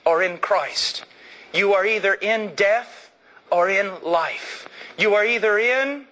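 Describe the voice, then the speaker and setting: Male preacher, fiery sermon delivery, high and bright, swinging between hushed and shouted. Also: low-quality recording. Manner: impassioned, shifts between low earnest and high shouted emphasis.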